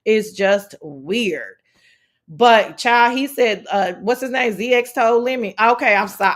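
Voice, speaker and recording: Bright high-voiced sassy woman host. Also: unhurried. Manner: sassy, profane, animated storytelling. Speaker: commentary host. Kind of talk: casual commentary livestream.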